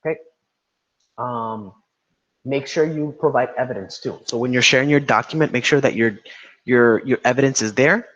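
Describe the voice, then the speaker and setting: A man's voice: medium pitch, normal speed, fairly bright tone. A man teaching an online class, repeating instructions and calling on students by name over a video call. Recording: roomy, dull lo-fi sound.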